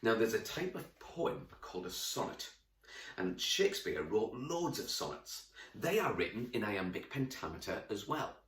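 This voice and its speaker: A fairly low-voiced man teaches a lesson to young children, speaking to them directly and with lively turns. He sits a little away from the microphone in a roomy space. The sound is echoey and slightly distant. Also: moderate pace. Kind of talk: classroom lesson to camera.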